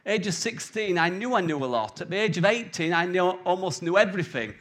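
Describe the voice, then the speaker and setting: A man's voice: sits high, expressive, fairly quick, fairly bright tone. A man in his forties preaching a conversational sermon with jokes and anecdotes. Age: 40s.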